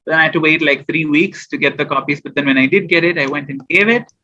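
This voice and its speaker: This man talks fast in a fairly high, pushed and bright voice, captured on a muffled recording. He's a poet and small business owner appearing as a guest on an interview show, casually discussing publishing his poetry while rambling, using fillers, and restarting sentences.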